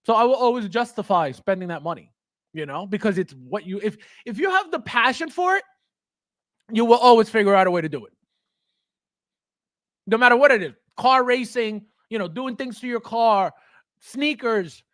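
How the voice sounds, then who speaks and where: A man hosting a casual livestream, reading viewer comments and talking straight to his chat, excitable and quick to laugh. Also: high voice, no room sound, studio quality. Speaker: livestream host and toy collector.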